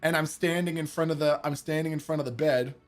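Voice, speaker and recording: A high-pitched man tells a story with lots of energy. He laughs often, swears freely and jumps into loud impressions of what people said. Faint music plays underneath. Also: fast. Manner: animated, laughs often, acts out drunken quotes in a raised voice, swears freely. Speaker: streamer telling a story. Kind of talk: casual storytelling.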